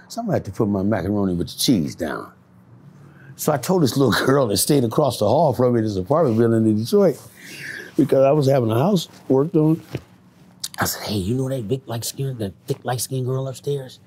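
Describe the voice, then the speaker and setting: A man in a candid street interview, speaking in a low-key, reflective way and swearing freely. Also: very animated, brisk, a little mellow, slight background noise.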